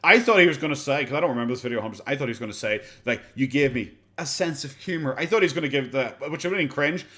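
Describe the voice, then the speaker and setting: A man's voice: mid-range voice, expressive, racing, hardly any pauses, sharp tone. A man with an Irish accent giving casual, sarcastic reaction commentary on a video, swearing often and laughing between remarks.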